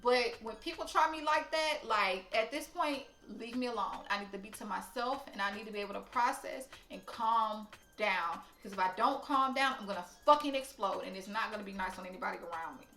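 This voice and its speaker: A young woman telling a story to camera, blunt, profane and animated. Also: medium pitch, brisk, hardly any pauses, reverberant, faint music behind. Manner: blunt, profane, animated, talks straight to viewers. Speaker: storytime vlogger.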